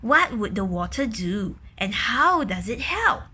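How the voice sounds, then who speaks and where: A woman reading a children's picture book aloud, pausing to ask questions, explain words and imitate quacking ducks. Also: mid-range voice, sing-song, sharp tone, husky. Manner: imitates quacking and gasps for effect. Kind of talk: children's story read-aloud.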